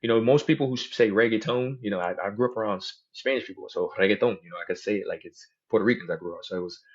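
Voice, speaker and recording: A man talks through a casual podcast in a low, husky voice. He tells his stories with energy and drops into other people's voices whenever he quotes them. The recording sounds dull and lo-fi. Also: very fast, darkish tone. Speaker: podcast host. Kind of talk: casual chat.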